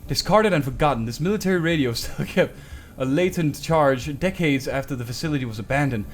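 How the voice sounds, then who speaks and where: During live game playthrough commentary, a young man reads item descriptions aloud with jokey remarks. He speaks a little fast in a higher voice, with a little hiss or hum in the background.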